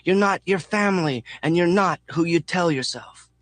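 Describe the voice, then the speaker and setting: A man voicing a reckless, fanatical young male mechanic who yells slogans into the wind. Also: fairly low pitch, normal speed, no room sound, natural voice. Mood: yelling fervently.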